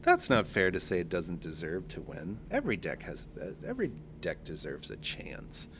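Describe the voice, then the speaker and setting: Streamer, male, low voice that swings up and down a lot, jokey play-by-play, faint room hum. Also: wildly swooping pitch, moderate pace, fairly bright tone. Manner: joking, thinking aloud. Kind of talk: casual card-game livestream commentary.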